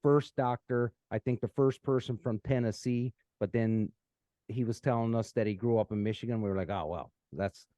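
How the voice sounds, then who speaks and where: Dark-voiced chatty male podcast host. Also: medium pitch, fairly even intonation, moderate pace, no room sound. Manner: chatty, many fillers and restarts. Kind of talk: casual chat.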